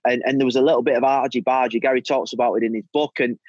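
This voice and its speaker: A man's voice: mid-range voice, fairly even intonation, racing, a little mellow, dry recording, muffled recording. A middle-aged man telling stories as a podcast guest in casual interview chat, repeating words as he goes and chuckling often. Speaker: podcast guest, former footballer. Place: podcast studio.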